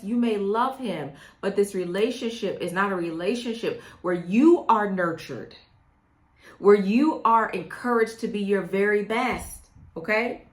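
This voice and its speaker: A middle-aged woman coaching women on dating in a direct, emphatic way, often checking in with "okay?". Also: mid-range voice. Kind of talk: direct advice monologue. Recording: echoey room.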